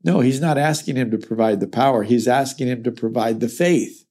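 Bible teacher guy reading verses then explaining, earnest and emphatic, warm mellow tone. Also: mid-range voice, fairly quick.

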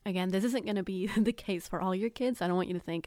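A woman's voice: mid-range voice, quick pace, few pauses, a little mellow, no echo, clean studio sound. A woman in her thirties hosting a podcast as a baby sleep consultant, chatting casually, acting out quotes and laughing often.

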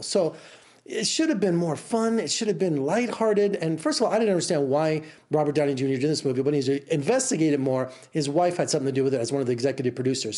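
A man's voice: fairly high pitch, dark tone. A middle-aged man reviewing a film in a casual, rambling way, exasperated and full of restarts. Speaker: film critic. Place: Las Vegas.

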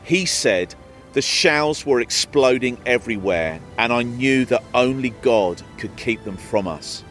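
A man's voice: mid-range voice, expressive, unhurried, fairly bright tone, faint music behind. Solemn male documentary presenter. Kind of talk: scripted documentary narration.

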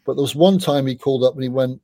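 A middle-aged man, a music journalist, telling rambling, animated anecdotes with casual swearing as an interview guest. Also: medium pitch, quick pace, no echo.

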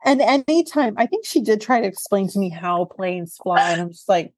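A woman's voice: mid-range voice, lively intonation, normal speed, a little mellow, no echo, low-quality recording. A woman co-hosting a podcast over a video call, reading out a plot summary and then chatting casually with laughs. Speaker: podcast co-host. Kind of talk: casual chat and chapter summary.

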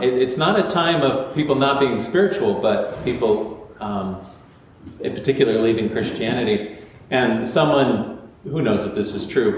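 Heard from a distance in a cavernous church, a man with a mid-range voice gives a sermon as pastor, loose and chatty with fillers and restarts. The audio is muffled and reverberant, carrying a little hiss or hum.

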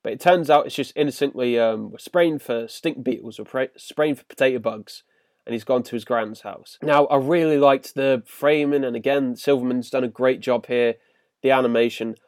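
A man's voice: medium pitch, normal speed, darkish tone, dry recording, clean studio sound. Enthusiastic man recapping an episode. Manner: enthusiastic recapping, filler-heavy. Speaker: podcast host. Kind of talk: casual episode review.

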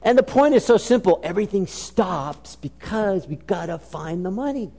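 A man preaching with a dark, mellow voice that rises loud and urgent and then sinks low and slow. His words ring out with the long reverb of a large church hall. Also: lively intonation, gravelly. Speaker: pastor. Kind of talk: sermon.

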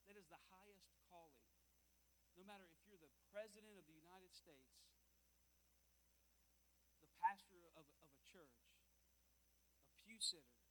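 A man's voice: a little high, a bit bright, poor audio. A man preaching a sermon in a church, speaking emphatically and repeating words as he walks about and calls out to his listeners.

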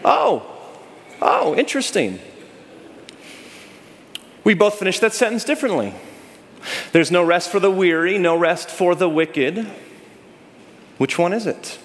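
A man preaching a sermon as pastor, animated, rising loud and high for emphasis and dropping low and slow, calling on the congregation to answer. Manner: asks the congregation to call out answers. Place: church sanctuary. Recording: long hall reverb.

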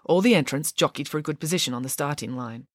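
A woman narrating a children's storybook in an expressive, lively way. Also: low voice, quick pace, no room sound, clean studio sound. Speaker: audiobook narrator.

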